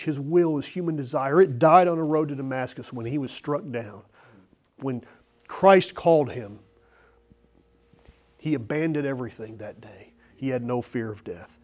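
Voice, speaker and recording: Guy pastor giving a sermon, chatty, reads scripture then gets worked up and laughs at himself. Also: medium pitch. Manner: conversational preaching with self-deprecating asides and laughs; reads scripture aloud, rising animated at personal points.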